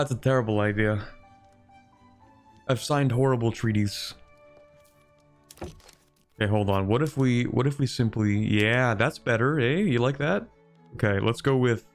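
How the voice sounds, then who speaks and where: Guy streaming a strategy game, chatty and excitable, quiet music in the back. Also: lowish voice, normal speed, long pauses. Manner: animated, talks to the game and chat, bargaining. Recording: faint music behind.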